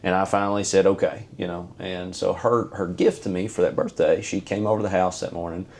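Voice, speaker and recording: Podcast guest: man, low-pitched, halting, earnest storyteller. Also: level tone, a little mellow. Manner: earnest, halting, many fillers and restarts. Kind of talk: personal storytelling.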